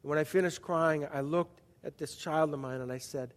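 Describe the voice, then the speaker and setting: A man's voice: on the high side, fairly even intonation, moderate pace, few pauses. Man preaching in a reverberant hall. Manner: conversational, asks the audience questions, frequent restarts. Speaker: pastor. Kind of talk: sermon.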